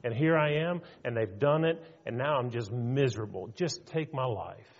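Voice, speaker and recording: A man's voice: medium pitch, normal speed, close to an everyday voice. A man acting out a sulking prophet begging to die, pleading and complaining, his voice raised and strained, heard through a dull, lo-fi recording that rings with long hall reverb. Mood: miserable pleading.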